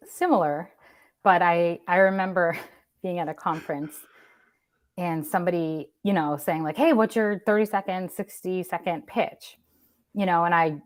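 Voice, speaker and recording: A woman guest on a panel, telling an anecdote with lively quoted lines. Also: low voice. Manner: storytelling, animated quoting. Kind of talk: casual panel talk.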